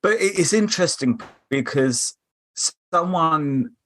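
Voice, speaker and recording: A man's voice: on the high side, lively intonation, takes it slowly, fairly bright tone. A young man from England with a South London Croydon accent, a podcast guest chatting casually and laughing easily. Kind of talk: casual chat over a remote call.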